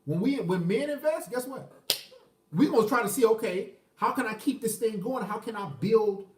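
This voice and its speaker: A man's voice: high-pitched, normal speed, reverberant, distant mic, a little hiss or hum. A man ranting crudely about dating, acting out bits of quoted dialogue. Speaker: vlogger. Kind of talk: casual rant to camera.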